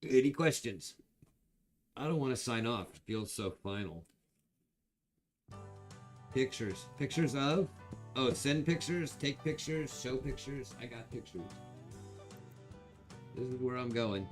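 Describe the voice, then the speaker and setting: A man of ordinary pitch hosts a livestream auction, talking loosely and chatting with his viewers. He rambles through stories in a relaxed, conversational way. Faint guitar music plays quietly behind him. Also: takes it slowly, long pauses. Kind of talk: casual livestream chat.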